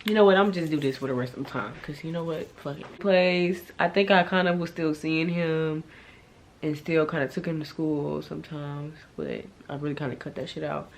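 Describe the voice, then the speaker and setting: A young woman tells a story straight to her camera. Her talk is casual and animated, jumping between loud outbursts and hushed, low asides. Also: moderate pace, creaky, slight background noise. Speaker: vlogger.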